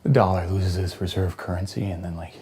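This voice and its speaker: A man hosting a comedy show, delivering a profane, conspiratorial monologue that swings from hushed near-whispers to loud manic shouting. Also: deep voice, little pitch movement, fairly quick, a little hiss or hum.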